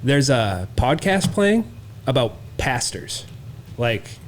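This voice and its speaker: A man's voice: mid-range voice, very animated, takes it slowly. A man co-hosting a podcast, telling a wild story in casual, profane chat and acting out the quotes. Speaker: podcast co-host.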